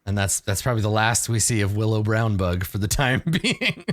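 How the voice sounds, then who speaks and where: A man narrating as game master of a tabletop game, in a loose, quick manner with fillers. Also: lowish voice, animated.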